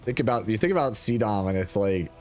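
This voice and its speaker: A young man hosting and casting a game tournament in a relaxed, friendly, slangy way. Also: fairly low pitch, fairly quick, faint music behind. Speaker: tournament host and caster. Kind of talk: live tournament game commentary.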